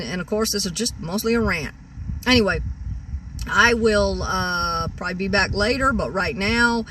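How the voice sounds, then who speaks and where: A woman's voice: medium pitch, a bit bright, recorded from a distance, a little hiss or hum. Rambling woman in her sixties, off-mic. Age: 60s. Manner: rambling, full of restarts and repeated words. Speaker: car-camping vlogger. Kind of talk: rambling vlog rant. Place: parked vehicle in a store parking lot.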